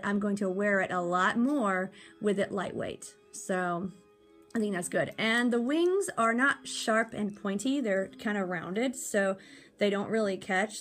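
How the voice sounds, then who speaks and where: Woman, casual reviewer, chatty and rambling, faint music behind. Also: mid-range voice. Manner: chatty, rambling with many ums. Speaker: jewelry reviewer.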